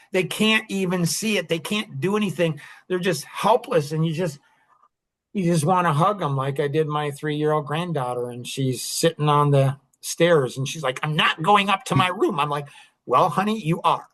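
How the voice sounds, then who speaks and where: A man's voice: on the high side, a bit bright. A man in his sixties talking in a rambling, emphatic monologue, repeating phrases as he goes. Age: 60s. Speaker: podcast host. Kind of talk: casual monologue.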